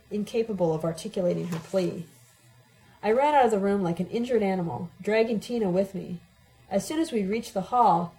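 A woman reads a first-person audiobook with a dramatic, emotionally charged delivery. Her voice is mellow and sits at a mid pitch. She gives every sentence strong feeling. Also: rough recording. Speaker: audiobook narrator.

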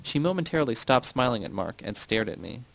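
A man reading first-person audiobook narration in a steady, measured way, close to the mic. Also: medium pitch, gravelly, rough recording.

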